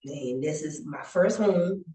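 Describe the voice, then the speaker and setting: A woman, a chef and business owner, telling her story as an interview guest in a lively, heartfelt way and acting out the voices of the people she quotes. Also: sits low, slow pace. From South Carolina Lowcountry. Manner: animated, acts out quotes, emotional and grateful. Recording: echoey room, voice from a distance.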